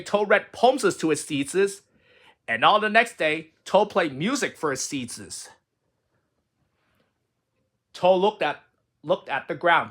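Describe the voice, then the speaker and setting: A man reading a children's storybook aloud with expressive, lilting narration. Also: on the high side. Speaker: storybook reader.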